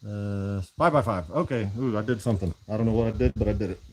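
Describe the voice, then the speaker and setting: A knife maker making relaxed, rambling asides to a live chat as he works in his workshop. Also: fairly low pitch, quick pace. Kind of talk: casual chat while working.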